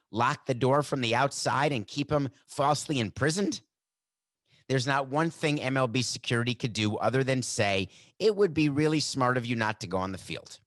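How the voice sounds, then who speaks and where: A man's voice: medium pitch, fairly bright tone, dry recording. A man hosts a sports talk podcast in a sarcastic, mock-dramatic monologue. His voice sits in a middle register, and the desk mic is close and completely dry. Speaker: podcast host. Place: desk at home studio.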